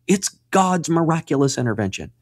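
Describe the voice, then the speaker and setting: A man speaking as a guest in a Christian radio interview, earnest and preacherly, often restarting and repeating words, and rising to emphatic peaks when he gets excited. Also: on the high side, a little fast, no echo, studio quality.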